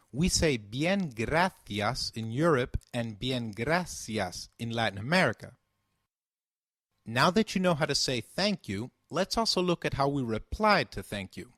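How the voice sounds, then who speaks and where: Male tutor, unhurried and clear, animated pitch, dead-dry studio sound. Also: dry recording. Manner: slow, patient, enunciates each word. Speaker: language teacher. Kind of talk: scripted language lesson.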